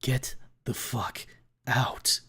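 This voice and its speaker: A man's voice: drawn-out words, bright, forceful tone. A man reading aloud and voicing a cold, vicious male dinosaur in a harsh whisper, as whispered role-play.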